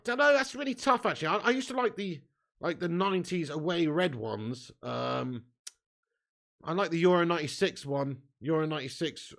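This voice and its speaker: A chatty man hosts a live football watch-along with a slightly high voice. He reads viewer comments aloud, teases the people who sent them and breaks into laughter often. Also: creaky, fairly bright tone. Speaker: live stream host.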